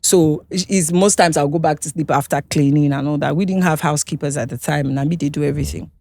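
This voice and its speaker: A woman's voice: low voice, warm tone, no echo. A Nigerian woman, a singer and interview guest, recounting her life candidly, with frequent restarts and check-ins with her listener. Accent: Nigerian English. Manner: halting, restarts often, checks in with "you understand?".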